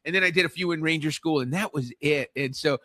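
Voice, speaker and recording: A man's voice: fairly high pitch, fast, pushed and bright, no room sound. A man hosting a podcast interview, enthusiastic and encouraging with his guest. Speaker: podcast host. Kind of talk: casual interview.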